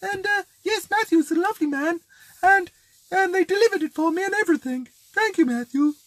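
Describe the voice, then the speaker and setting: A man putting on a high falsetto voice to play a polite, well-spoken lady customer who gushes with thanks. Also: a little fast, a bit bright, dry recording. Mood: gushing. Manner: high falsetto, prim and gushing.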